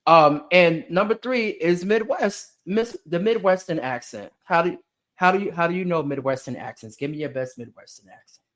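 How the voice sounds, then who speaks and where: A man with a New York accent talks in a loose, opinionated podcast chat. His voice sits a bit high, and he sounds animated and playful. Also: normal speed. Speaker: podcast co-host. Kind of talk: casual chat.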